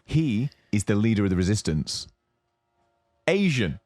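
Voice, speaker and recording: A young man with a low, deep voice chats casually as a podcast co-host. He rambles through his story with fillers and restarts, getting more animated as he goes. The sound is dry and close. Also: measured pace, no echo. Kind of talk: casual chat.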